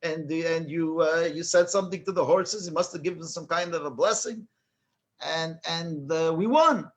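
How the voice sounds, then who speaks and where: A man voicing an outraged gambler who feels cheated, shouting accusations and stumbling over his words. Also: fairly high pitch, moderate pace, close to an everyday voice. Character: furious cheated male gambler, middle-aged.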